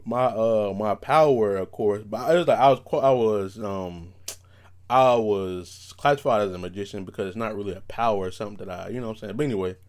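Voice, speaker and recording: A man hosting a podcast on his own, telling rambling stories in casual slang, his voice not yet warmed up from waking. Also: lowish voice. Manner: rambling, animated storytelling with slang and restarts. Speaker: podcast host. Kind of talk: casual solo podcast monologue.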